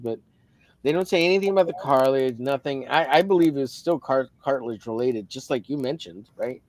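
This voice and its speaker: A man's voice: medium pitch, expressive, fairly quick, a little mellow, no echo. A man in casual livestream chat, telling a long story in a rambling, profane way with many restarts. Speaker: co-host of a drawing livestream.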